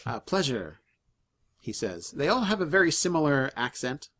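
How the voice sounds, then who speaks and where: Very animated and a bit bright, a man's fairly high voice runs a tabletop game. He narrates haltingly, with frequent fillers and restarts.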